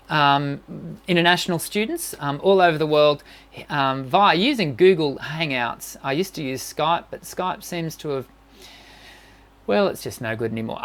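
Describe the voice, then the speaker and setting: A woman's voice: low-pitched, fairly bright tone. A woman vocal coach giving an encouraging, conversational live-streamed singing lesson and answering questions, with frequent restarts.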